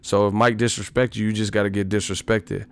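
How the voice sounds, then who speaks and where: A man's voice: fairly low pitch, little pitch movement, brisk, clean tone, no echo. Rambling, profane male livestreamer. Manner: rambling, profane, laughing storytelling. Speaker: livestream host. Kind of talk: casual profane boxing talk.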